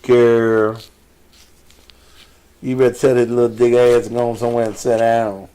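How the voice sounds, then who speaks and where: A man's voice: medium pitch, level tone, moderate pace, warm tone, clean tone. A man hosting a live call-in show, bantering with crude, profane jokes. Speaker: radio call-in show host, addressed as pastor.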